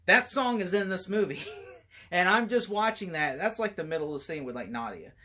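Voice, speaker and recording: A man talks through a movie review in a loose, rambling way, with a bright, ringing voice. He gets animated and keeps breaking into laughter as he goes. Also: high voice, fairly quick. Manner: animated, laughs often while talking.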